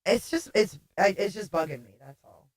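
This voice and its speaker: A woman's voice: mid-range voice, expressive, moderate pace. A woman hosting a casual livestream, chatting and reading viewer comments aloud, her voice sounding odd, warbly and echoey. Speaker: livestream host.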